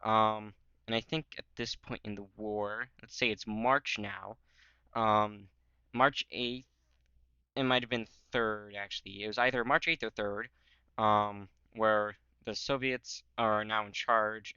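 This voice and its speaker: A man's voice: on the low side, steady tone, measured pace, sharp tone, smooth, no echo. Rambling young man on a dull mic. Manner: rambling, many fillers, jokey voices for nations. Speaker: history video creator. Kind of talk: casual map commentary.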